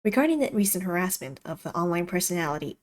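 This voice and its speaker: A woman voicing a timid young trainee detective as she reads a visual novel aloud, speaking in a quiet, hesitant, apologetic way. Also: lowish voice, big pitch swings, fast talker. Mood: subdued.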